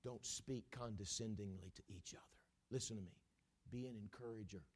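A man's voice: on the low side, darkish tone, breathy edge. A man preaching a sermon, emphatic and repetitive, with a playful streak.

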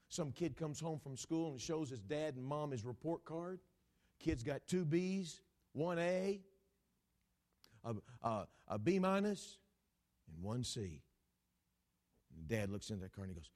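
A middle-aged male preacher delivers a dramatic sermon in a voice pitched a little above most men's. He speaks straight to his listeners and swings between booming, emphatic peaks and low, near-whispered asides. He repeats and restarts words as he builds his points. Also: sing-song, normal speed. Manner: addresses the audience directly, repeats and restarts words. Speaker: pastor.

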